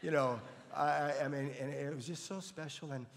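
A man's voice: a little high, steady tone, moderate pace, creaky, in a large hall. An older man, a pastor, telling a personal story in an earnest, conversational way. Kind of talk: storytelling sermon.

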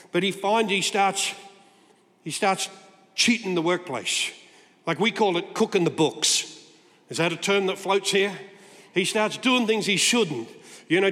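A man's voice: high voice, a bit bright. A man in his sixties preaching a sermon as a guest speaker, talking to the congregation in a conversational, playful storytelling way. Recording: long hall reverb.

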